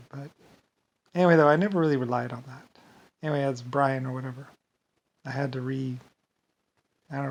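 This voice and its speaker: A man talking at length in a rambling personal monologue, often repeating and restarting words and trailing off with filler. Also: mid-range voice. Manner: trails off with "anyway, whatever". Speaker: vlogger.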